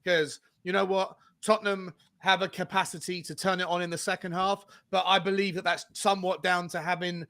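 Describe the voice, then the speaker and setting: A man's voice: sits high, flat delivery, fairly quick, hardly any pauses, pushed and bright. A man co-hosting a football fan stream, angry and swearing, repeating himself for emphasis in a passionate rant. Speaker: co-host of a fan watchalong.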